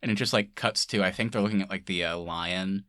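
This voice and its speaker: A man's voice: low-pitched, steady tone, fairly quick, a bit bright, no echo, studio quality. A man co-hosting a podcast, chatting casually and laughing often as he retells scenes. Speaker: podcast co-host. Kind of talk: casual chat.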